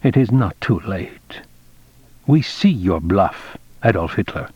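A disillusioned German man, as a male narrator voices him broods slowly and gravely over his thoughts. The voice is low-key and measured, recorded dry and slightly muffled. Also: animated, no room sound, full character voice. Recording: dull, dry lo-fi audiobook recording.

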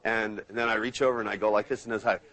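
A man running a live hypnosis seminar, playful and storytelling, sinking into a slow hypnotic tone when he demos trance suggestions. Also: on the low side, fairly even intonation, fairly bright tone, low-quality recording. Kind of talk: live seminar teaching with anecdotes. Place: seminar room with live audience.

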